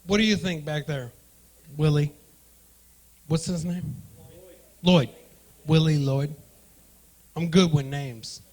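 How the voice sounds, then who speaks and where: A brash male stand-up comic riffing crudely with the crowd from a club stage. His voice sits a touch higher than most men's, and he swings between loud punchlines and muttered asides. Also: slow, long pauses, low-quality recording. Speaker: stand-up comedian and emcee. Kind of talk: stand-up comedy with crowd work.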